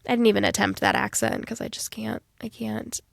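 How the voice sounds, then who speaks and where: A woman in her thirties, a podcast co-host in casual chat, talking in an animated way and often trailing off mid-sentence. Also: medium pitch, brisk, creaky, no echo, clean studio sound.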